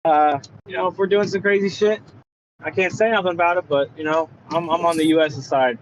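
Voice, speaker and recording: A man rambles and swears excitably in a casual voice chat, talking from inside a moving car. His voice sits a little high, and the sound is muffled and lo-fi. A faint hiss runs underneath. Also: a little fast. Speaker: voice chat participant.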